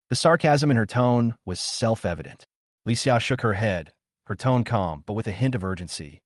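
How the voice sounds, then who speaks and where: A man narrating a dramatic story recap in an expressive way. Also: on the low side, normal speed, no echo, clean studio sound.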